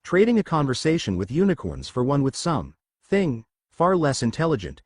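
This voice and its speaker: A man's voice: on the high side, huge pitch swings, moderate pace. Dude reading as a snarky teen witch girl, dry mocking tone, no room echo. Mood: calm. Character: sarcastic teenage girl witch, daughter of a sea god.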